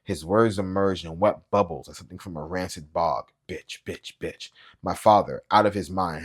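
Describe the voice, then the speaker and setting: A man reading a novel aloud as a booktube reader, with quiet, low-key, even narration.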